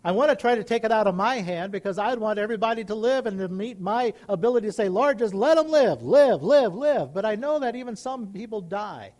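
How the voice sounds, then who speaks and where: A man's voice: high voice, fast, few pauses, a little mellow. A middle-aged male pastor preaching a sermon, rising into emphatic calls and questions to the congregation.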